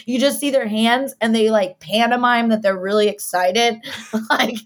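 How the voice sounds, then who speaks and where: A woman's voice: fairly high pitch, moderate pace. A woman co-hosting a podcast in casual chat, laughing often through her sentences. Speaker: podcast co-host.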